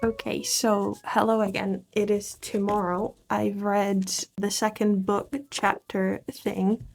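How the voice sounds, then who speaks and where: A woman's voice: medium pitch, level tone, slow, vocal fry, soft background music. A woman vlogger casually summarizing a book, rambling and self-deprecating, laughing often as she talks. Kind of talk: casual chat.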